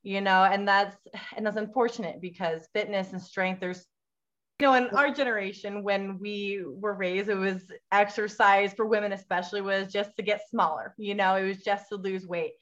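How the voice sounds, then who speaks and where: An earnest woman guest speaking at a middling pitch, leaning often on "you know" as she goes. Her voice comes over an online call that sounds dull and lo-fi. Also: steady tone, normal speed, a bit bright. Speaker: guest, mother of daughters. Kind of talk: casual interview chat.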